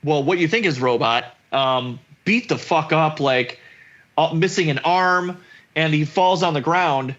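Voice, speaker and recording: A man co-hosting a podcast, recapping an episode in casual chat, animated and swearing, acting out characters' lines. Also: fairly high pitch, unhurried, lo-fi sound. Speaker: podcast co-host.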